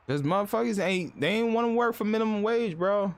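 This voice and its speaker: A man's voice: sits high, a little fast, few pauses. A man live-streaming, ranting casually and profanely in a rambling, storytelling way.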